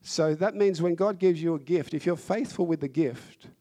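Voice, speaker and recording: A man delivers a sermon in a fairly high voice, fervent and insistent. He hammers points home by repeating phrases and stretching out key words. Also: moderate pace, dark tone. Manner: impassioned, repeats phrases for emphasis. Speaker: preacher.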